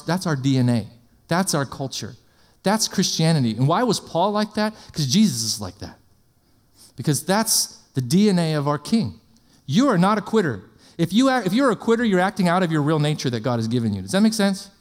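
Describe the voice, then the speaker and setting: A man preaching a sermon in an energetic, conversational way, often asking the congregation questions and slipping in jokes. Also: a little high, fairly quick.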